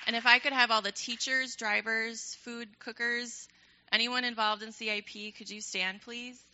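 A woman's voice: a little high, fairly even intonation, moderate pace, pushed and bright, highs cut off, slight background noise. A young woman leading a ministry program, addressing a church in a casual, enthusiastic, chatty way with frequent laughter.

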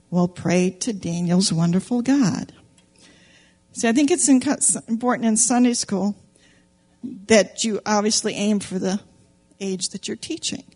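A woman teaching Sunday school, telling a story to children in an animated, playful way and asking them questions. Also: medium pitch. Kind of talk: storytelling demonstration lesson for children. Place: church classroom with children.

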